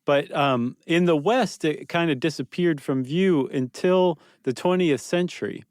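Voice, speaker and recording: A man's voice: on the high side, unhurried, dry recording, clean studio sound. A man co-hosting a podcast in casual chat, explaining things wryly and teasing his partner. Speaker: podcast co-host.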